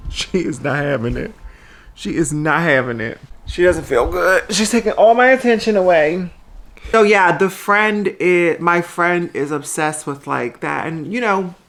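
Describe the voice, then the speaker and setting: A transgender woman vlogging casually at home into a small microphone, chatty and animated, with a habit of talking loudly. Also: lowish voice. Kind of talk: casual vlog chat. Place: indoors at home. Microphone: small microphone on a handheld tripod.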